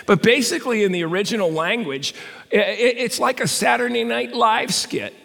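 A man's voice: very high-pitched, normal speed, vocal fry, a bit bright. A male pastor preaching a sermon in a conversational way with stammered restarts, recorded in a reverberant hall.

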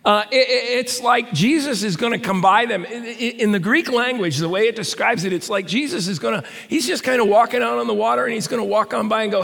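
Guy preaching a sermon, kinda stammery and chatty, raspy fry, lots of hall echo. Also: high-pitched, normal speed, a bit bright. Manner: conversational, stammering restarts. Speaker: pastor. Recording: reverberant hall.

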